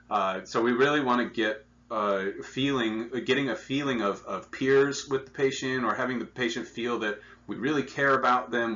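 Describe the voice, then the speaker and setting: A man with a bright, forceful voice and a fairly low pitch leads a hospital staff training talk. He explains each point earnestly, often repeating words as he goes. The recording sounds dull and lo-fi. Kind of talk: instructional training lecture.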